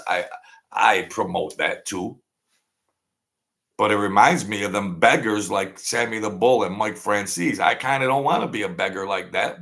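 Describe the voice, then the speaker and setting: A man in his sixties with a gravelly, somewhat low voice chats loosely with his live-stream audience. He wanders off on tangents and chuckles at his own jokes. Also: fairly bright tone. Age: 60s. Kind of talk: casual live-stream chat with viewers.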